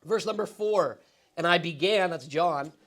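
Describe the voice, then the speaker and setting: Man, pastor, high voice, casual bible class, asks questions, says "right?" a lot. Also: a little slow, fairly bright tone. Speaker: pastor teaching Bible study. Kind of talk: conversational Bible teaching. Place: church classroom.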